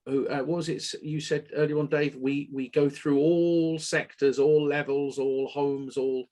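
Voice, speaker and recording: A man hosting a technical webinar, talking in an animated, opinionated way and sometimes swearing. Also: a little high, a little slow. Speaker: webinar host. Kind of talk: casual technical webinar talk.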